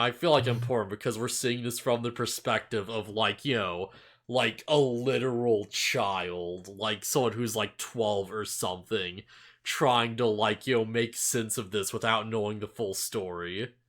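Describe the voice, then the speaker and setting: A podcast co-host chats casually about an anime episode, rambling with plenty of fillers and restarts and laughing often. His voice is lowish and fairly bright, with a steady tone and a slightly slow pace.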